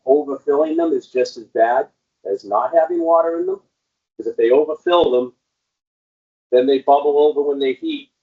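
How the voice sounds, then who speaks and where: A man's voice: on the high side, lively intonation, normal speed, breathy edge, phone-quality sound. A man giving hands-on equipment training in a casual, rambling way, with frequent ums.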